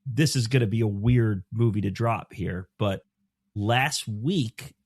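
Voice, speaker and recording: A man's voice: lowish voice, takes it slowly, slightly rough, no room sound, studio quality. A man as a podcast guest, telling stories in casual chat with many restarts and acting out the people he quotes. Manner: animated storytelling with many restarts; acts out quoted voices.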